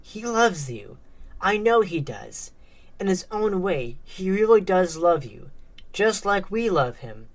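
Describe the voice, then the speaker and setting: A gentle middle-aged mother in a read-aloud story, her voice soft and reassuring as she comforts her daughter, voiced by a woman narrator. She speaks in an unhurried way, her tone warm and loving. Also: on the low side, lively intonation. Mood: tender.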